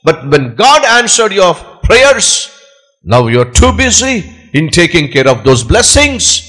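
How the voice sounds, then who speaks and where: A man's voice: high-pitched, sing-song, a little slow, bright, forceful tone, faint music behind. A male pastor preaching a sermon, emphatic and repeating his key phrases.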